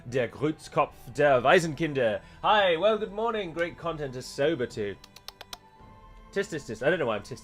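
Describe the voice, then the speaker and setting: A British man streams a strategy game live, chatting to viewers in a mid-pitched voice. He slips into grand, mock-heroic declarations between casual asides. Soft music plays faintly underneath. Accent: British English. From United Kingdom. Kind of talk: live gameplay commentary.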